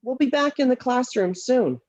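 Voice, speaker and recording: A woman voicing an upbeat, patient puppet friend who works as a teacher, speaking in a cheerful, encouraging and brisk manner. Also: high-pitched, lively intonation, darkish tone, muffled recording. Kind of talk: puppet play acting. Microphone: laptop video call.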